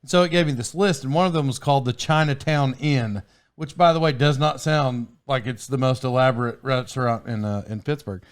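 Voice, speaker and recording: A man's voice: medium pitch, brisk, clear, resonant tone. A man hosting a podcast in casual chat, telling a rambling story with frequent laughs and sidetracks. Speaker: podcast host.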